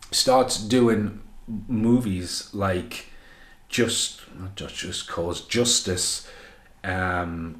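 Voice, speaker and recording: A man giving an unscripted, rambling film review, excitable and full of swearing. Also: fairly low pitch. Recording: echoey room.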